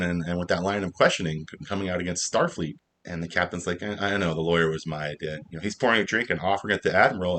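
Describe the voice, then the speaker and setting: A man with a deep, low voice walks through a TV episode scene by scene. He speaks in a casual, unscripted way with plenty of fillers. A faint rumble hums in the background. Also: fairly bright tone. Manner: loose, filler-heavy retelling. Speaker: TV show reviewer.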